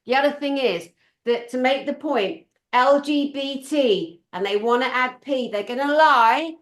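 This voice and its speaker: A middle-aged woman speaking at a conference, blunt and forceful, swearing for emphasis. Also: high voice, unhurried, roomy sound. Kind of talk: impassioned talk.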